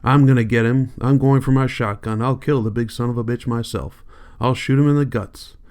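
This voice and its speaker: Man reading hot-headed young rancher, furious, louder, rural drawl, audiobook. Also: mid-range voice, fairly even intonation, moderate pace, natural voice.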